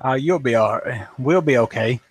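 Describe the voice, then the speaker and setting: A man's voice: medium pitch, normal speed, breathy edge, no echo. A man playing his character at a tabletop game, breezy and reassuring. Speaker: player.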